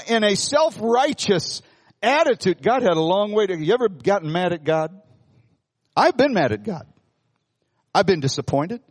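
A male pastor preaching a conversational sermon in a church hall, asking the congregation questions. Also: sits high.

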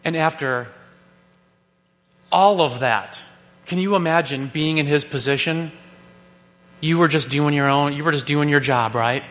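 A male pastor preaching a sermon, animated and joking, who keeps asking rhetorical questions. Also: on the high side, measured pace, long pauses. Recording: long reverb of a large hall.

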